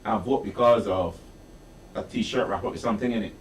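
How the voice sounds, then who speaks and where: A man's voice: fairly low pitch, brisk, slight background noise. A Barbadian man on a political panel, speaking emphatically and repeating points for effect. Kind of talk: political commentary. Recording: roomy sound, mic at a distance.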